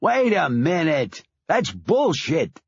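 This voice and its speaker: A narrator gives a hard-edged male operative a slightly raised, indignant delivery, husky and clipped, in an audiobook thriller. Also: a little high, huge pitch swings, slow pace, dry recording, muffled recording, pitched above the performer's own voice, exaggerated voice. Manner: sharp, indignant. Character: tough male operative, wounded and defiant.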